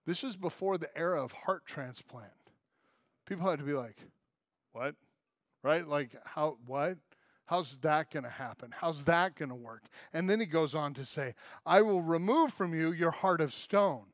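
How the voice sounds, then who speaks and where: High-voiced animated male preacher. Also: a little slow, no echo, studio quality. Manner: animated storytelling, acting out voices of listeners. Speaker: pastor. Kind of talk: sermon.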